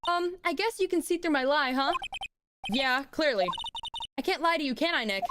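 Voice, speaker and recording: A woman voicing a timid, earnest little girl from a game she is reading aloud, pitching her voice up high and eager. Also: moderate pace, background noise, close to an everyday voice. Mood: sheepish. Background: loud game music.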